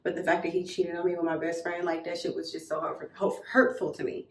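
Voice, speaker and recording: A young woman telling a personal story in a casual, animated way, blunt and swearing freely. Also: fairly low pitch, brisk, recorded from a distance, a little hiss or hum. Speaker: storytime vlogger. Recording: roomy echo, a little off mic.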